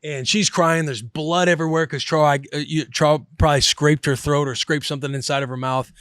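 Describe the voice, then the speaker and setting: A man in his thirties tells a story as a podcast host, his voice sitting a bit high for a man. He talks in a loose, animated way, dropping swear words and calling his listener buddy. The sound is dry and close, with no room around it. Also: fairly quick, smooth, no room sound. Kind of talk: casual storytelling.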